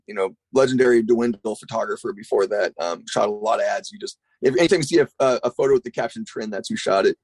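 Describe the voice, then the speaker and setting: A man, a guest skateboarder, telling a long story in a rambling, profane, animated way. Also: mid-range voice, no room sound. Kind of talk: casual storytelling.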